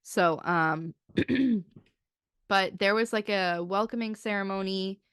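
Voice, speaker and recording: This podcast co-host, a young woman in her twenties, speaks slowly in a mid-range, fairly bright, clean voice. She spins a chatty personal story, peppered with "like" and acted-out quotes, and the recording is dry and studio-clean.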